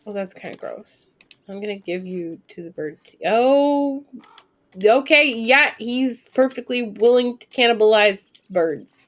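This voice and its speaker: A woman in her twenties streaming live gameplay commentary, chatting and thinking aloud, with sudden excited squeals and casual swearing. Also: fairly high pitch, a little slow.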